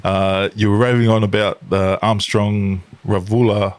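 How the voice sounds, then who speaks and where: Easygoing podcast host. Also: male voice, on the low side, level tone, unhurried, no room sound. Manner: easygoing, laughs often. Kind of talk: casual podcast interview.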